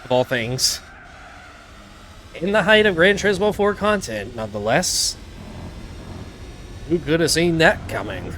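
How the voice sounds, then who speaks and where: A man's voice: fairly high pitch, animated, unhurried, pauses often, a bit bright, a little hiss or hum. Laid-back man with a worn-out throat. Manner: laid-back, self-deprecating, rambling asides. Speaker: gaming streamer. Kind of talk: casual let's play commentary. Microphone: desk mic.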